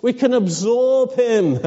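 A man preaching a sermon as pastor of a church, asking earnest, pleading questions and laughing softly now and then. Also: extremely high pitch, expressive, slow. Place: church hall. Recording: dull lo-fi church recording with long reverb.

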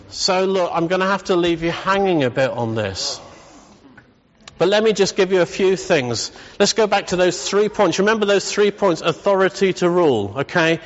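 Middle-aged male preacher, emphatic sermon voice, slightly high, long church reverb, dull sound. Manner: emphatic, building to rousing repetition. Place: church hall.

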